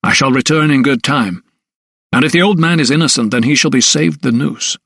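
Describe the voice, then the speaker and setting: A man's voice: mid-range voice, fairly quick, vocal fry, a bit bright, dry recording, voice pushed up. A composed doctor, as a male narrator plays him, close to the narrator's natural mid-range voice. He speaks firmly and with restraint. The sound is dry and close. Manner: firm and restrained. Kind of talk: audiobook character voice.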